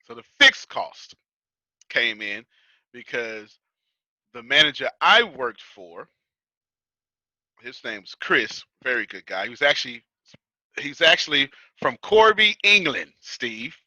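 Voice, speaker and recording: A man's voice: mid-range voice, very animated, takes it slowly, pauses often, bright, forceful tone, dry recording, rough recording. An American man with a Texas accent, teaching a class in a folksy, joking, colloquial way. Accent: Texas, Houston area. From United States. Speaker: business coach teaching a class. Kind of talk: casual teaching talk to a live audience.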